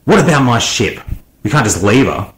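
A man's voice: low voice, normal speed, close to an everyday voice. A man voicing an obsessed, defiant scientist in an audiobook, pleading and insistent.

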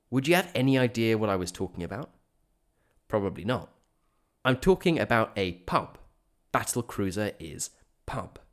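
A man with a fairly low voice teaches English in a scripted lesson. He speaks clearly and patiently, and he slows down whenever he gives an example. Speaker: podcast host teaching English. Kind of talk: scripted educational narration.

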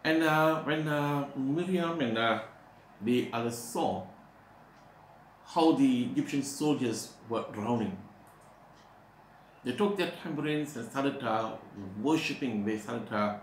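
Halting male preacher in an echoey room. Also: mid-range voice. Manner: halting, with frequent "uh" pauses; slows and stresses scripture verses. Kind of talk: sermon. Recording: echoey room, faint background noise.

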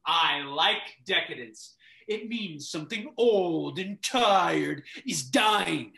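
A young actor playing a bitter, struggling young playwright who swings between hushed grief and sneering outbursts, performed over a video call. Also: male voice, on the high side, expressive, takes it slowly, creaky, roomy sound, heavily acted. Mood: scornful. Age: young adult. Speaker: student actor.

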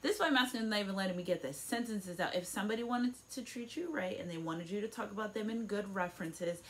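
A woman's voice: medium pitch, quick pace, fairly bright tone, a little hiss or hum. A woman giving a casual tarot reading at home, emphatic and blunt, swearing freely and tossing in "okay?" as she goes. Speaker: tarot reader. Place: room at home.

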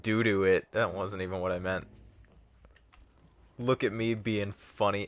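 A man's voice: on the low side, fairly even intonation, measured pace. A man streaming a video game, joking and mocking himself as he chats with viewers. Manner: joking, self-mocking, talks to chat. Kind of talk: casual gameplay commentary.

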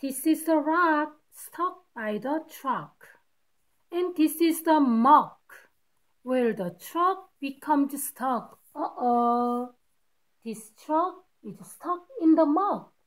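A woman teacher with a high, expressive voice reads a picture book to children at a very slow pace. She stops patiently to point out the rhyming words and explain each one.

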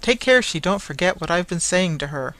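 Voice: mid-range voice, animated, brisk, a bit bright, no echo, natural voice. A grumpy, sneering toy merchant, as a storyteller puts him on speaks in curt, muttered phrases full of contempt. He sounds cold and dismissive. This is a storybook reading, not a staged play. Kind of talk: audiobook character reading.

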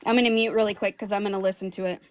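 Woman hosting a live stream, normal pitch, quick to tell people what to do. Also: fairly even intonation. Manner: brisk, directing the chat and the co-host. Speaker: livestream host. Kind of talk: casual live-stream chat.

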